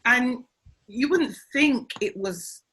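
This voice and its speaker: Animated woman with a husky voice. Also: on the high side, takes it slowly, poor audio. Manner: animated storyteller, acts out quoted voices. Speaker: interview guest, comedian. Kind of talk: casual conversational interview.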